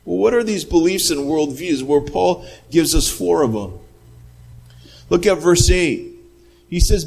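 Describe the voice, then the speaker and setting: A man preaching a sermon, retelling a film scene with lively quoted voices before drawing the lesson. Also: fairly high pitch, measured pace. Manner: animated storytelling with quoted voices. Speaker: pastor.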